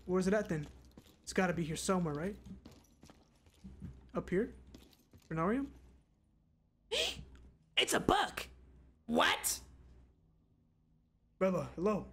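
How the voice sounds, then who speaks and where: A young man streaming a zombie game, reacting loudly with gasps and exclamations. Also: high-pitched, normal speed, long pauses, a little hiss or hum. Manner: excitable, loud reactions, frequent gasps. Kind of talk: live gameplay commentary.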